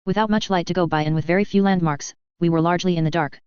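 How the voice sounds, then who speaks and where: A woman reading a first-person audiobook narration at an even, measured pace. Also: on the low side, clean tone, dry recording, lo-fi sound.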